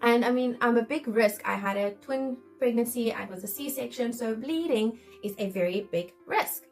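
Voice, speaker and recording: Candid higher-voiced woman midwife. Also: normal speed, soft background music, poor audio. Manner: candid, emotional, reenacts her own worried thoughts. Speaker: midwife sharing her birth story. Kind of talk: casual storytelling to camera.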